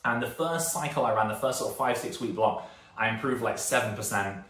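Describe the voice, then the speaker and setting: A British man in his thirties talks through a training lesson in a loose, chatty way, often breaking off into tangents and correcting himself. His pitch sits in a middle range for a man. The sound carries a noticeable room echo. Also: a little fast, a bit bright. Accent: British, northern English. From Britain. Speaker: strength coach. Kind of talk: casual video lesson.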